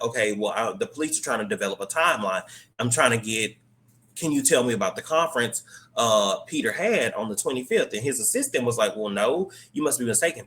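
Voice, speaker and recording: A young man casually retelling a TV episode, rambling with many fillers and briefly acting out the characters' lines in quick bursts. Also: mid-range voice, fairly bright tone. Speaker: host recapping a TV episode. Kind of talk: casual recap.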